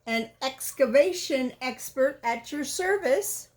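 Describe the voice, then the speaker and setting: A woman's voice: sits high, lively intonation, takes it slowly. A woman voicing a brash, businesslike male gopher in a children's storybook read-aloud, with a clipped, salesman-like delivery. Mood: boastful.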